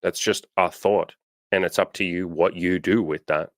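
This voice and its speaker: A man speaks in a notably low voice, talking frankly and with emphasis as he coaches. The sound is dry and close, with no room around it. He swears freely in casual interview chat. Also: steady tone, normal speed, no room sound. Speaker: coach and host.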